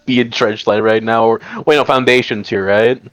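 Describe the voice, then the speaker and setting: Male player on a voice call, mid-pitched and giggly, rambling with swears, dry close sound. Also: fairly even intonation, normal speed, no room sound. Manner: giggly, rambling, swears, stumbles over words. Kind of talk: casual play chatter on a voice call. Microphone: voice call microphone.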